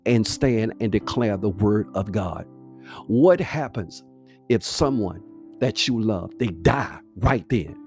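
Man preaching over soft guitar. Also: medium pitch. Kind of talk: sermon.

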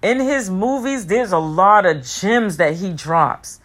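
A woman giving a heartfelt personal motivational talk, emphatic and repetitive, sometimes rushing her words. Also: mid-range voice, animated, a bit bright. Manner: speeds up and slows down, talks fast at times.

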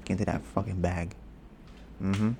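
At home with a storm outside, a young podcast host chats loosely into his podcast mic, wearing headphones, drifting between topics and joking about how smooth his voice is. His low, mellow voice has a flat delivery at a moderate pace, over a faint background hiss.

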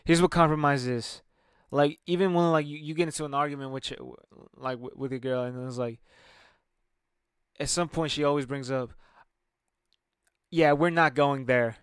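A man's voice: mid-range voice, fairly even intonation, moderate pace, smooth, dry recording, clean studio sound. A man ranting casually to camera at home, heated and profane, rambling with many restarts about his stand-up comedy.

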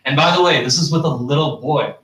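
A man's voice: fairly high pitch, fairly quick, fairly bright tone. A young man giving a Friday sermon, earnest and explaining step by step with rhetorical questions. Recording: echoey hall, distant mic.

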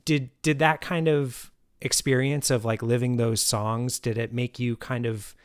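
Man, interviewer, hesitant and rambling, lots of fillers, middle pitch, dry close-miked. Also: fairly even intonation, unhurried, clear, resonant tone, no echo. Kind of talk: casual interview questions.

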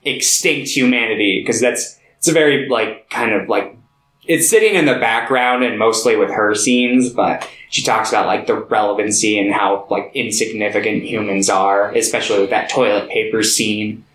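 A young man co-hosting a podcast, casually talking through a film's ending with many pauses and restarts. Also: on the low side, fairly bright tone, roomy sound, low-quality recording. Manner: hesitant, many fillers and restarts. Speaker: podcast co-host. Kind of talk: casual film discussion.

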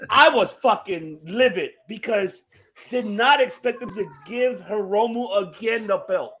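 A man co-hosting a casual wrestling podcast, profane and excitable. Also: high-pitched, measured pace. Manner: profane, excitable, shouts in frustration. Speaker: podcast co-host.

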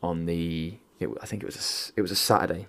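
A man telling a painful personal story in an interview, emotional and near tears, halting and swearing often. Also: deep voice, steady tone, fairly bright tone. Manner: candid, heavy swearing, halting restarts. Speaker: podcast guest.

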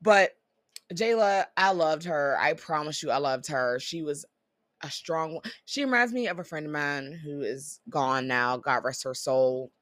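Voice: mid-range voice, a little slow, no room sound, studio quality. Blunt, profane vlogger ranting. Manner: blunt, profane, opinionated rant; swings between loud outbursts and muttered asides. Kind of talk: casual opinion commentary.

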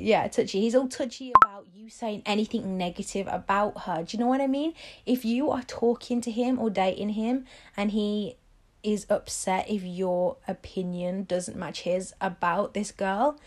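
A woman's voice: medium pitch, moderate pace. Chatty young woman podcaster. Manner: chatty, emphatic, animated rhetorical questions. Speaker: podcast host. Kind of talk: solo advice podcast.

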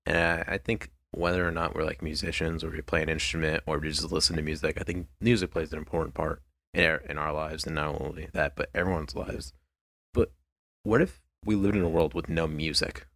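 Deep-voiced teen boy host. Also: fairly even intonation, brisk, a bit bright. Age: teens. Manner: musing, asks many questions. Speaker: podcast host. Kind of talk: casual chat.

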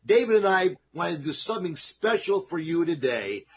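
A man co-hosting a radio talk show, chatting loosely with plenty of "uh" and "okay?" tags. His voice sits high for a man. A faint hiss of background noise runs under it. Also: very animated, moderate pace. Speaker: radio co-host.

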